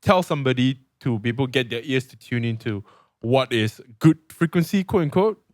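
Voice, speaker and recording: A man hosting a podcast in casual interview chat, asking questions and giving quick affirmations. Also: mid-range voice, expressive, a little mellow, no echo, clean studio sound. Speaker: podcast host.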